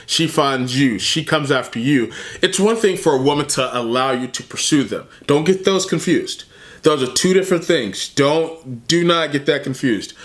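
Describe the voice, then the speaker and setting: A man's voice: mid-range voice, fairly bright tone. A man hosting a reaction video, talking casually, often laughing and calling the listener man and bro. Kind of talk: casual commentary.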